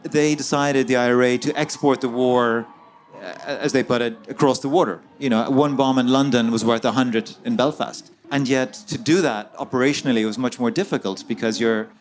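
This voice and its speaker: A man's voice: medium pitch, fairly even intonation, normal speed. A man, an author guest in an interview, recounting a story at length with many fillers and restarts.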